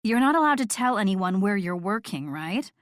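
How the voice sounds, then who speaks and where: A woman narrator voicing a thoughtful, hesitant young woman friend who speaks in a hushed way, in an audiobook. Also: medium pitch, expressive, brisk, no room sound, studio quality, natural voice.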